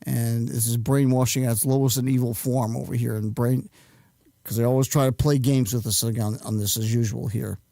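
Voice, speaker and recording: A man's voice: medium pitch, steady tone, moderate pace, vocal fry, mellow, no room sound. A man hosting a show, talking in a rambling casual way and getting flustered as he fumbles with his gear. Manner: flustered, muttering while fumbling with equipment. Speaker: host.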